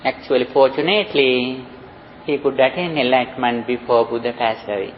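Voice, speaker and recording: A man with a Sri Lankan accent, a Buddhist monk, giving a dharma talk in a slow, halting way with many pauses and "you know" fillers. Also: medium pitch, a little hiss or hum. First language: Sinhala. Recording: dull lo-fi recording in a reverberant hall.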